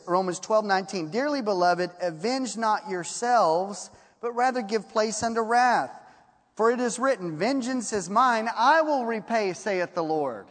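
Preacher, male, high voice, folksy storyteller, slow on scripture; hall reverb. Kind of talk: sermon.

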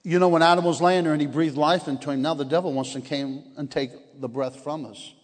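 A man preaching as an evangelist at a church service, energetic and laughing often, swinging between shouts and hushed tones. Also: a little high, brisk. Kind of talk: revival sermon. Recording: long hall reverb.

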